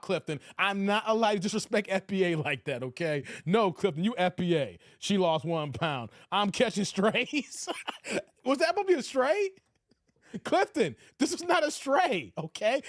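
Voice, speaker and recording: A man's voice: very high-pitched, no room sound, studio quality. A man hosting a casual reaction stream, joking and reading out chat comments, repeating his catchphrases.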